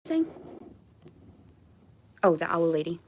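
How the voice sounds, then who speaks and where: Rambling low-voiced woman livestreaming. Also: very animated, slow. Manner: rambling, self-deprecating. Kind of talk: casual livestream chat. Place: at home on camera.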